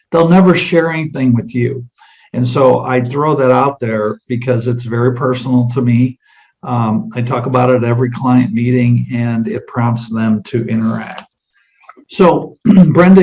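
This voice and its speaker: Middle-aged male insurance trainer, mid-pitched, chatty and question-driven, dull lo-fi sound. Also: darkish tone. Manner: conversational, asks many direct questions. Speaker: insurance agent and sales trainer. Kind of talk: demonstrating a client sales meeting.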